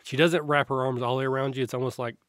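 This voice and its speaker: A man narrating a tabletop role-playing game as game master, describing scenes in a relaxed, rambling way. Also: mid-range voice, rapid-fire, dry recording, studio quality. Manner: descriptive, relaxed, with frequent restarts.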